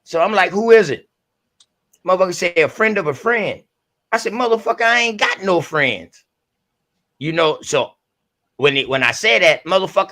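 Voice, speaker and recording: A man's voice: mid-range voice, bright, forceful tone. Profane man telling a story on a call. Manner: profane, loose street talk; acts out voices of people in his story. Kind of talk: casual storytelling.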